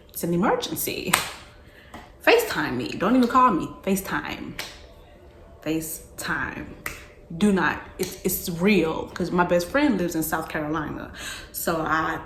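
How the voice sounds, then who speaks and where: Young woman vlogger, casual rambling storyteller, slightly low voice, echoey room with faint background noise. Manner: chatty, repeats herself, backtracks.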